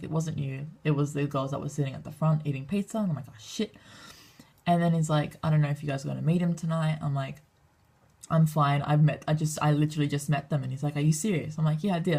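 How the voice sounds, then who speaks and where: A young woman vlogs casually to camera in a low, dark-toned voice that is husky and raspy, with gravelly fry at the ends of phrases. She rambles, swears freely, and acts out the lines of everyone in her story.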